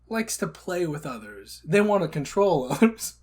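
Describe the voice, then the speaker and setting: A man co-hosting a casual podcast chat, joking and swinging between loud and soft. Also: a little high, very animated, moderate pace, breathy edge. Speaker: podcast co-host.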